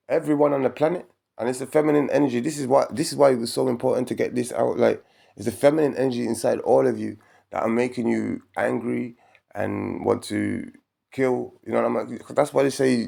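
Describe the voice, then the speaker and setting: A man an edge, talking in an animated, preachy, rambling way about spirituality and laughing often between points. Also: mid-range voice, gravelly. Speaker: vlogger.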